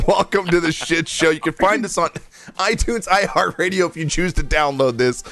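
A man's voice: on the high side, normal speed, fairly bright tone. A man hosting a casual sports podcast, swearing and laughing a lot. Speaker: podcast host.

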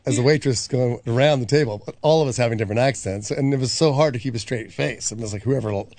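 A man hosting a radio show, bantering and joking in a casual, animated way. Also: mid-range voice, no room sound. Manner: animated, joking, quick to laugh.

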